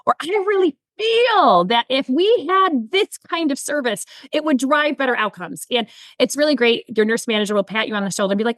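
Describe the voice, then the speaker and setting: A woman's voice: sits high, big pitch swings, brisk, hardly any pauses, fairly bright tone, no room sound, studio quality. A woman guest, a nurse entrepreneur, telling stories animatedly and acting out quoted dialogue. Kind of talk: storytelling in interview.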